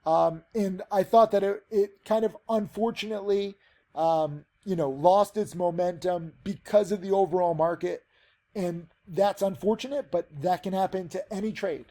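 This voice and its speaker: A man's voice: sits high, moderate pace, dark tone. A man teaching penny stock trading, giving a casual, rambling trade recap with many fillers.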